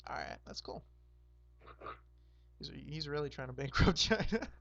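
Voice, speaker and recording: Hoarse young man rambling through a game recap. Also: a little high, lively intonation, unhurried, a bit bright, no echo, lo-fi sound. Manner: rambling, laid-back, many fillers and restarts. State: hoarse, sore throat. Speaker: roleplay game host. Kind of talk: casual game recap over voice chat.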